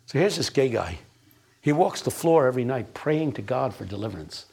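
Gravelly, husky older preacher. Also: male voice, medium pitch, big pitch swings, fairly quick, darkish tone. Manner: emphatic, folksy storyteller with wry asides. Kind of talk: sermon.

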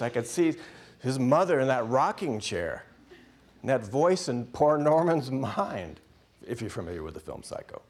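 A middle-aged man preaching a sermon in an animated way, acting out voices. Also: mid-range voice, husky.

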